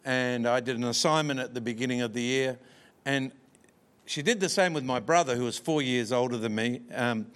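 A man's voice: mid-range voice, moderate pace, fairly bright tone. A man preaching a storytelling sermon with humorous, self-deprecating asides and frequent chuckles.

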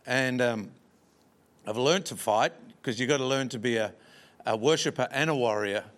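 A man's voice: medium pitch, normal speed, fairly bright tone. A man preaching a storytelling sermon with humorous, self-deprecating asides and frequent chuckles.

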